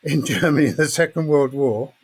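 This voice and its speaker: An older man, a podcast guest telling anecdotes in a lively way, laughing often and acting out what others said. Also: on the high side, fairly quick, slightly rough. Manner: lively raconteur, laughs often, acts out quotes. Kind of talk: anecdotal storytelling.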